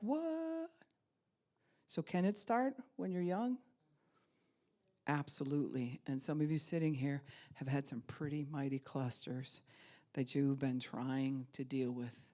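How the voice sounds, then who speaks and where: Low-voiced woman pastor preaching. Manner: dynamic storytelling, swinging from loud emphasis to hushed whispers. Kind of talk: sermon.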